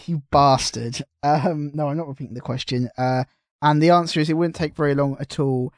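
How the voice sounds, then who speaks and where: A man hosting a relaxed podcast chat and reading listener questions aloud. His voice sits a little higher than most men's and is recorded close and dry. He trips over certain words and laughs at himself. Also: normal speed, no echo. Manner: self-mocking, trips over words with 'th' sounds. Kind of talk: casual chat.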